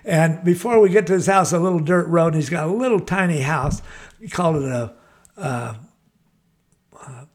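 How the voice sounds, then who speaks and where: Older American guy, rambling laid-back storyteller, a bit high-pitched. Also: normal speed, long pauses. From United States. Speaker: guest. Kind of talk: casual storytelling.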